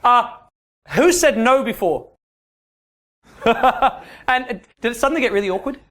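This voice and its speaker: A dating coach with a very high voice speaks at a measured pace to a seminar class of men. Energetic, he acts out dialogue and frequently checks on his listeners with a "yeah?"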